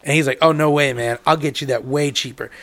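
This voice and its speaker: Brisk and fairly even in intonation, this young podcast co-host's mid-range voice has a bit of brightness. He relates a lengthy story in a casual, profane way, voicing both sides of every exchange himself.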